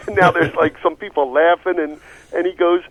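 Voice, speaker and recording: A man telling a long, animated story on a radio talk show, swearing casually as he goes. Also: sits high, moderate pace, dry recording. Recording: tinny phone-like radio audio.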